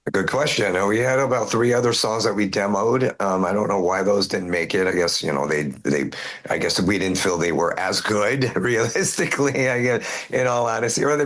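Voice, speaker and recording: A middle-aged man with a fairly low voice talks loosely as an interview guest. He rambles and restarts sentences, leaning on fillers as he goes. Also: a bit bright. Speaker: metal band singer, guest. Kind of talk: casual interview chat.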